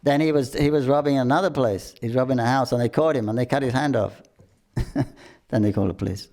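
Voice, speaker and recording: An older man casually telling devotional stories, halting often with restarts, throat clearing and chuckles. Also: medium pitch, a little mellow. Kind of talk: casual storytelling talk.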